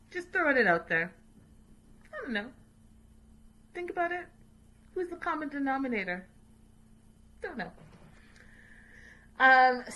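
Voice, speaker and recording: A woman hosts a casual recap, talking straight to her viewers in a chatty, opinionated way. Her voice is bright and lively, and she often breaks into laughter. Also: lowish voice. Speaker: host.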